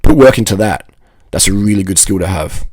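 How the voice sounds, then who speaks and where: A man's voice: low-pitched, lively intonation, brisk, a little mellow, no echo. A man, ranting casually to camera in a blunt, rambling, profane way. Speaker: vlogger.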